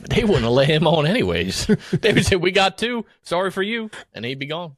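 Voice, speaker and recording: A man's voice: high voice, big pitch swings, a little fast, dry recording, studio quality, pitched above the performer's own voice. A man playing a dim-witted rural Southern guest in a comedic podcast, with a put-on Southern accent, rambling and drawling with giggly asides. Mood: amused. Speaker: guest in character. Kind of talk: comedic improv podcast character.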